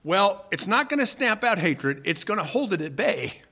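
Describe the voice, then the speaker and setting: Bright high-voiced male preacher. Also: very animated, moderate pace. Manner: emphatic preaching with rhetorical questions. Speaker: pastor. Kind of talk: sermon.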